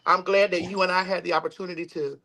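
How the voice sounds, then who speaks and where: A woman's voice: on the low side, steady tone, quick pace, over a noisy crowd. A woman guest in a heated debate, making her points with emphasis and repeating them.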